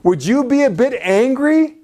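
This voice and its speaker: A man's voice: very high voice, animated, measured pace, dark tone. A male preacher delivering a sermon, peppering his talk with "you see" and frequent restarts.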